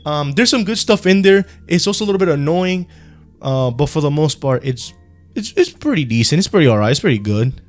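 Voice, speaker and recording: A man's voice: on the high side, fairly quick, soft background music. Rambling young man with a Spanish accent. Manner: rambling, relaxed, slangy, with frequent ums and self-corrections. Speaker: anime commentary youtuber. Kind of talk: casual opinion monologue.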